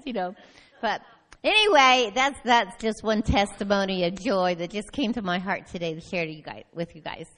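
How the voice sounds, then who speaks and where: A woman giving an animated personal testimony at a church meeting, telling her story with frequent laughter. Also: medium pitch, normal speed, a little hiss or hum. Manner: lively storytelling, often breaks into laughter. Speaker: church member sharing a testimony.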